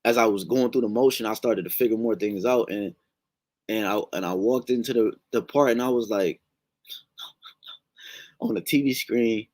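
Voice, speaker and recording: Low-voiced young man telling a dream, rambling. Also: normal speed, pauses often, a little mellow, no room sound. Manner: rambling, emotional, slangy with frequent swearing. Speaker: testimony sharer. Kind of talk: casual spoken testimony.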